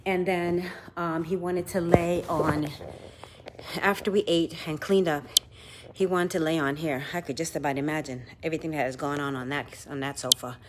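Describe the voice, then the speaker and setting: A woman's voice: sits low, fairly even intonation, moderate pace, noisy background. A woman in her fifties filming a live tour of a large house on her handheld phone, talking bluntly and profanely to her viewers. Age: 50s. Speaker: vlogger.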